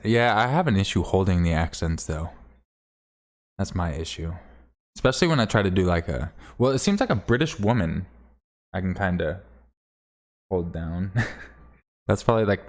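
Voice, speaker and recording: A man chatting casually on a livestream while he plays, rambling, swearing now and then and thanking viewers. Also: sits low. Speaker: game streamer.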